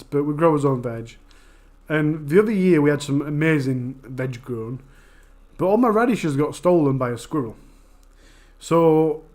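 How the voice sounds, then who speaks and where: Yorkshire bloke rambling fast on a live stream, broad accent, voice a bit on the high side. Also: male voice. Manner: fast-talking, broad and informal. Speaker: true crime channel host. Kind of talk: casual live-stream chat with viewers.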